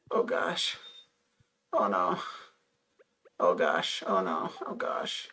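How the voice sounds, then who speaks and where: A woman's voice: rumbling low, huge pitch swings, extremely slow, creaky, pauses often, pushed and bright, breathy edge. A woman streaming a farming game, chatting casually with wry, muttered asides. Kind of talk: casual gameplay chat.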